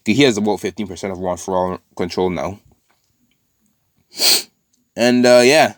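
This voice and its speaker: A man casually improvising a fan-fiction story aloud, rambling and correcting himself with lots of fillers, now and then dropping into quick character quotes. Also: low voice, dry recording, studio quality.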